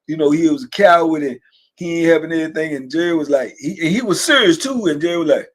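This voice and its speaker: A man's voice: fairly high pitch, expressive, fast talker. A man hosting a livestream, telling loose, laughing stories and answering viewer comments as he goes. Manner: laughing, loose conversational storytelling with frequent asides. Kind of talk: casual storytelling to a live chat.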